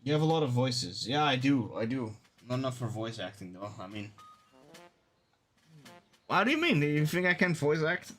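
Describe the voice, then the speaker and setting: A man's voice: medium pitch, expressive, brisk, hardly any pauses, faint music behind. A man streaming a video game live, chatting casually with his chat and trying out funny voices.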